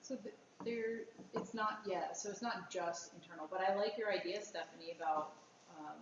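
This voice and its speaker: A woman's voice: medium pitch, normal speed, dull audio, noisy background. Hesitant woman in a very echoey room. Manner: hesitant, many ums and restarts. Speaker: board member. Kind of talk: meeting discussion.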